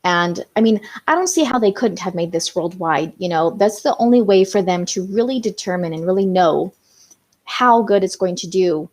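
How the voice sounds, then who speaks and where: Her voice sits on the low side with a darkish tone, animated but at a moderate pace. She's a young woman on a casual live stream, reading viewers' comments and chatting, peppering her talk with "um" and "you know."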